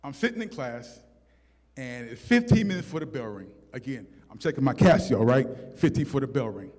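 A man telling a comic story on stage, animated and acting out voices. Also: mid-range voice, fairly quick. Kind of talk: stand-up story. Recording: hall with long reverb.

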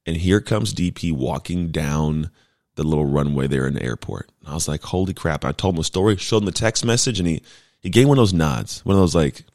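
A man in his thirties, a former football player turned speaker, telling a story casually with animated, emphatic delivery. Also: rumbling low, fairly quick, no echo, clean studio sound. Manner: animated, emphatic, laughs while telling stories.

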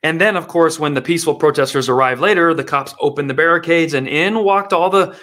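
A man's voice: a little high, brisk, pushed and bright. A man performing political stand-up comedy in a sarcastic, mocking manner.

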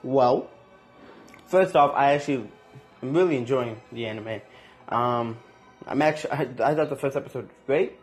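A man casually reviewing an anime episode in loose, slangy talk, with lots of restarts and animated reactions. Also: medium pitch, normal speed, long pauses, faint music behind.

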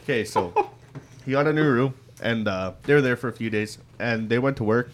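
A man's voice: mid-range voice, a little fast, heavy background noise. A young man co-hosting a podcast who tells a work story in a laid-back, swearing way and often laughs while talking. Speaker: podcast co-host. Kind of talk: casual chat, storytelling.

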